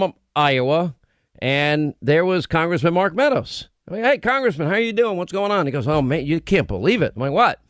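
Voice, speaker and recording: Male radio host, opinionated and combative, slightly raised pitch, dry close sound. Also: no room sound. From United States. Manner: combative, rapid run-on delivery. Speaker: radio talk show host. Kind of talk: opinionated political talk radio.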